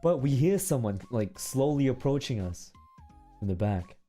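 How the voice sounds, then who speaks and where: A man's voice: mid-range voice, expressive, moderate pace, mellow, soft background music. A male streamer telling a long story to his chat in a casual, rambling way, often checking in with "okay?" and "right?".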